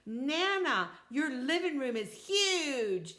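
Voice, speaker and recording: Woman doing small toad children, wide-eyed, amazed, slightly raised pitch, children's story. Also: big pitch swings, slow, sharp tone, heavily acted.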